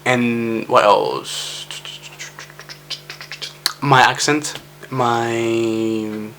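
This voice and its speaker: A man's voice: mid-range voice, level tone, very slow, over music. A young man from Spain with a Spanish accent, stuttering and restarting as he talks casually to camera in his vlog. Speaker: vlogger.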